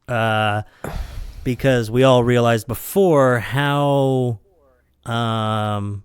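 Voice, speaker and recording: A man's voice: mid-range voice, drawn-out words, clean tone, no room sound, clean studio sound. A man hosting a podcast in casual chat, rambling with many fillers and frequent laughter. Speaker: podcast host.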